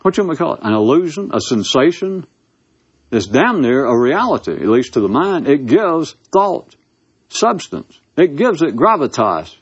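Husky man musing aloud, lively and sarcastic, with a theatrical delivery; dull lo-fi audio. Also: fairly high pitch, moderate pace. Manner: sarcastic, theatrical, swooping emphasis. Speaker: speaker giving a monologue. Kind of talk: casual philosophical monologue.

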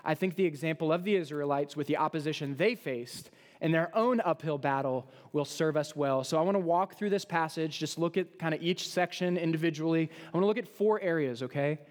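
High-voiced man preaching in a hall. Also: a little fast. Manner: conversational preaching with fillers and acted-out quotes. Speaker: pastor. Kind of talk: sermon.

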